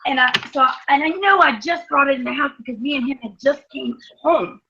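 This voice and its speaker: High gravelly woman, rambling storyteller. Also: fairly quick, sharp tone. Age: 30s. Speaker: livestream host. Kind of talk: casual chat. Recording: muffled lo-fi stream audio.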